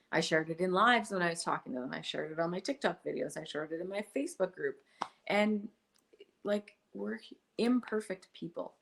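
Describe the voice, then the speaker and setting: A middle-aged woman, a guest in a casual interview, talking enthusiastically about her online business and acting out little quoted exchanges. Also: medium pitch. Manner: enthusiastic, animated storytelling with acted-out quotes.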